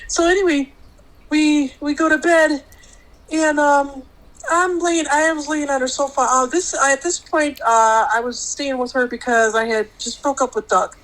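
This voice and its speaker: Middle-aged woman, podcast guest, rambling personal story, fairly high voice, lots of restarts. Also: fairly even intonation, unhurried, a bit bright, low-quality recording. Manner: rambling, full of restarts, jumps high when quoting others. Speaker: guest recounting an experience.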